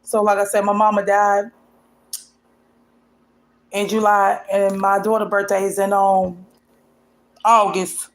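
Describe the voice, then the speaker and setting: A woman's voice: medium pitch, flat delivery, slow, long pauses. A woman telling a painful personal story to her vlog audience in a rambling, emotional, colloquial way. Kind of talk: casual storytelling.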